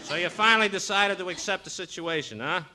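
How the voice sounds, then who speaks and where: A man's voice: high-pitched, fast talker. A man playing a sardonic pianist on a 1940s radio comedy show, delivering dry scripted lines. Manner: dry, sardonic, laughs at his own lines. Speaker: pianist and comic guest. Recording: old radio broadcast with noise.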